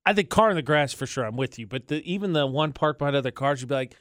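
A man's voice: medium pitch, animated, fairly bright tone, dry recording, clean studio sound. A man co-hosting a radio show, bantering playfully and arguing his points in casual chat. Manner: playful, argumentative, quick shifts in emphasis. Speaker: radio co-host. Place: radio studio. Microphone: close studio mic.

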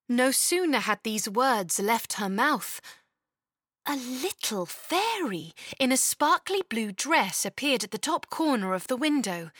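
Storybook narrator: woman, high bright voice, slow and very expressive delivery, dry close mic. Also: no room sound. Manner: expressive, lilting.

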